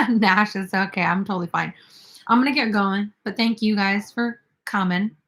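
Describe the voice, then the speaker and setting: A woman's voice: medium pitch, normal speed, pushed and bright. A young woman in casual chat as the host of a crochet livestream, reading viewer comments aloud and answering them.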